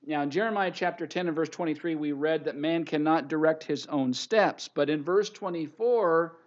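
Man, pastor, sermon, repeats verse references, fairly high voice, dull lo-fi sound. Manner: repeats scripture references, emphatic preaching.

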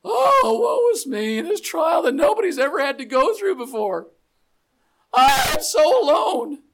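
A man voicing a self-pitying sufferer who wails melodramatically about his woes, half shouting. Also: very high-pitched, sing-song, measured pace, voice pushed up, exaggerated voice. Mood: wailing.

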